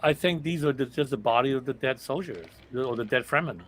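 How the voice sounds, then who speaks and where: A man's voice: medium pitch, expressive, fast, fairly bright tone. A man appearing as a guest on a casual live movie review chat, talkative and agreeing constantly. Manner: chatty, agrees constantly with yeahs.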